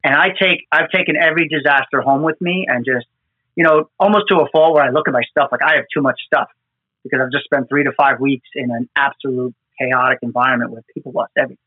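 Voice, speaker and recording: A man's voice: mid-range voice, quick pace, dry recording. A man who works disaster response, telling stories from the field in an earnest, emotional way that often repeats words. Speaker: disaster responder with New York fire department team. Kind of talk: conversational storytelling. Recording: tinny phone-like line.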